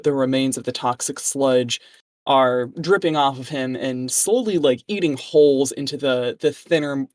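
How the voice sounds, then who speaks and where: A woman narrating a tabletop game as game master, relaxed and loose. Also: extremely low pitch, no room sound.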